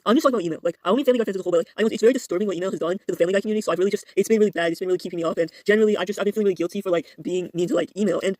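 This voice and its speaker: A young man with a high, darkish-toned voice races along with hardly any pauses, hosting a parody internet drama commentary in a gossipy, mock-outraged ramble full of fillers and viewer asides. He uses a podcast mic at his home dinner table, and the recording is dry and rough.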